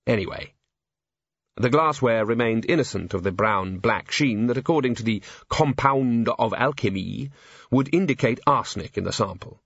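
A man with a husky voice giving scripted audiobook narration in a dry, measured manner. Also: mid-range voice, fairly bright tone, no echo, dull audio.

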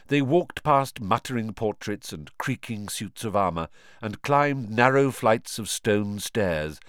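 A man reads a storybook aloud with a lively, rising and falling voice. His sound is close and dry, with no room around it. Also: lowish voice, no echo. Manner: expressive storytelling. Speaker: audiobook narrator. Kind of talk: scripted narration.

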